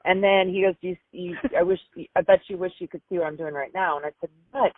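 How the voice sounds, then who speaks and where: A grieving mother telling stories about her son in a halting, emotional way, often repeating herself. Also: lowish voice, steady tone, dry recording. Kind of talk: phone interview storytelling. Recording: tinny phone line, dry.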